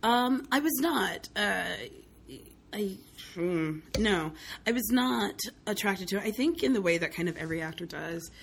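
A young woman from the American South, talking as a guest in a relaxed interview. She tells stories with energy and acts out the people in them. A faint hiss sits under the recording. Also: medium pitch, unhurried, vocal fry. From Southern United States. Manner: animated storyteller, acts out quoted voices, laughs often. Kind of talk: casual chat.

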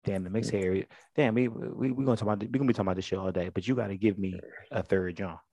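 A young man chatting casually and sounding laid-back, his voice fairly low and mellow. His slangy talk often trails off into a mumble. The recording is dry and close. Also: fairly even intonation, very fast, no echo, muffled recording. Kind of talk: casual chat.

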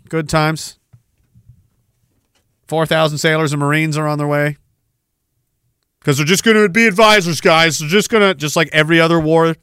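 A man's voice: a little high, fairly bright tone, clear, resonant tone, no echo, studio quality. Sarcastic ranting podcast host man. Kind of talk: casual political commentary.

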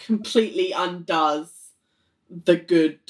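A woman in casual chat, blunt and swearing, halting as she searches for words. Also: fairly low pitch.

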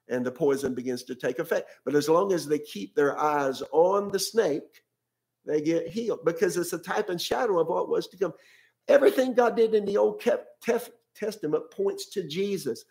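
A man's voice: a little high, vocal fry, a little mellow. A male pastor preaching a sermon in a conversational way, often repeating words and asking his listeners questions.

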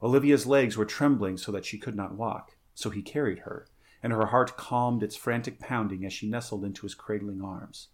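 A man reading a pulp adventure story aloud in a steady, measured way, breaking off for halting, casual chat. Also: fairly low pitch.

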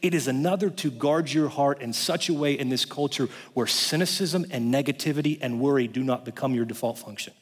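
A male pastor preaching a sermon in a conversational way, swinging between loud passages and hushed ones. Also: mid-range voice, a little fast, hardly any pauses, husky. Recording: long hall reverb.

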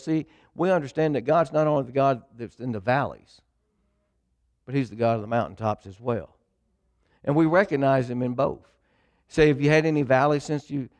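A man's voice: mid-range voice, darkish tone, no room sound. Folksy man preaching. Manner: folksy storytelling, addresses congregation. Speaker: pastor. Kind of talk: sermon testimony.

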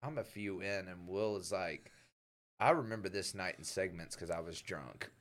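Laughing, rambling wrestler telling stories. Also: male voice, sits low, normal speed, a bit bright. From Arkansas. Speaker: podcast guest, pro wrestler. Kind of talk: casual storytelling chat.

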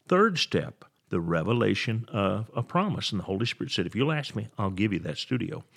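A man teaching the Bible on his podcast in a preaching style, slowing down to stress key words. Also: fairly low pitch, big pitch swings, vocal fry, fairly bright tone, slightly rough. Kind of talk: preaching sermon.

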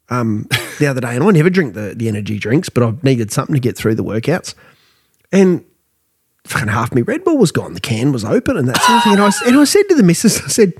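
This Australian podcast co-host, a man in his thirties, sounds tired and tipsy, with a mid-range, slightly rough voice. The show is a crude, casual pub chat where he talks bluntly, curses, and cracks himself up with loud laughter.

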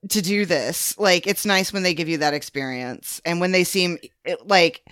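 A woman's voice: on the low side, moderate pace, fairly bright tone, no echo, clean studio sound. A woman chatting casually on a podcast, talking freely with lots of "like" and "um". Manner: chatty, many fillers like "like" and "um". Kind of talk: casual chat.

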